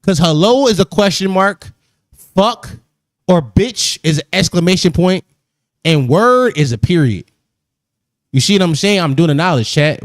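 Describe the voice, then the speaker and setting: A man's voice: sits high, animated, measured pace, pauses often, dry recording, studio quality. A man hosting a podcast in casual chat, joking loosely, laughing often and repeating phrases. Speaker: podcast host.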